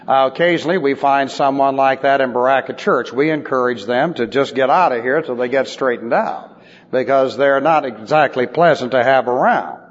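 A man's voice: medium pitch, moderate pace. A man preaching an expository sermon as a pastor, lecturing emphatically with dry humor. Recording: dull lo-fi recording with long hall reverb.

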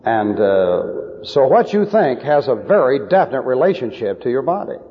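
A man's voice: medium pitch, sing-song, moderate pace, long reverb tail, highs cut off. A male preacher giving emphatic, lecture-style Bible teaching with numbered points.

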